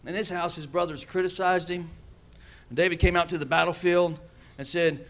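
A pastor preaching a sermon, calling out to the congregation and acting out quoted voices with humor. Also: male voice, fairly high pitch, fairly even intonation, normal speed, fairly bright tone. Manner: preaching with call-and-response asides.

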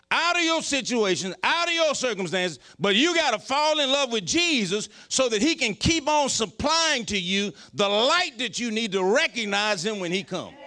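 A pastor preaching a folksy, joking sermon. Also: male voice, high voice, pushed and bright.

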